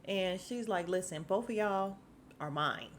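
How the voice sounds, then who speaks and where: A woman's voice: on the low side, a little slow, slight background noise. A woman hosting a casual podcast, chatting her way through a TV episode recap and retelling scenes in quoted voices. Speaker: podcast host recapping a TV show.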